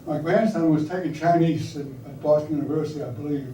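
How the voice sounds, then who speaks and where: Older man, anecdotal storyteller addressing an audience; mellow timbre, distant mic in an echoey room. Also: on the high side, fast talker, slight background noise. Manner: anecdotal, conversational, asks audience questions. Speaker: speaker recounting wartime service. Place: hall or meeting room with audience.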